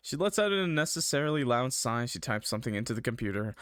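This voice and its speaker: A man's voice: mid-range voice, fast talker, hardly any pauses, a bit bright, no echo, clean studio sound. Young man reading a visual novel aloud. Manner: dramatic reading broken by casual joking. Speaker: streamer playing a visual novel. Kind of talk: reading a game aloud with jokey asides.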